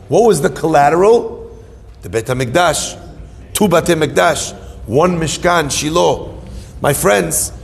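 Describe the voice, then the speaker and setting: A middle-aged man, a rabbi, giving an animated sermon to a live audience. He tells stories, asks and answers his own questions, and mixes in Hebrew terms. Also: fairly high pitch, creaky. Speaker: rabbi teaching Torah. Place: hall with an audience. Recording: long reverb of a hall.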